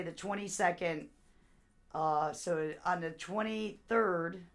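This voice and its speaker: A woman chatting loosely with viewers on her live stream as a seller. She rambles from one thing to the next and laughs often as she talks. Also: on the low side.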